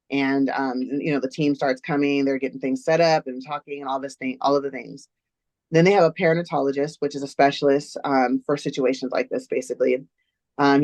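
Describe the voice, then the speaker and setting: A woman's voice: extremely low pitch, darkish tone. A woman shares a personal story as an interview guest. She recounts events earnestly, step by step. The recording is dry and close, with no room echo.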